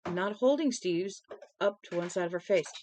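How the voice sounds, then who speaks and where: A woman's voice: on the low side, expressive, normal speed, darkish tone, low-quality recording. A young woman reading a novel aloud to a live-stream audience, tired and yawning, chatty, with casual asides between passages. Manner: chatty, breaks off reading to talk to chat.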